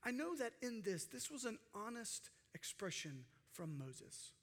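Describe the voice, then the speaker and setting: A man preaching a sermon with passion, acting out quoted cries and dropping to hushed tones for emphasis. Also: high-pitched, sing-song, unhurried. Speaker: pastor.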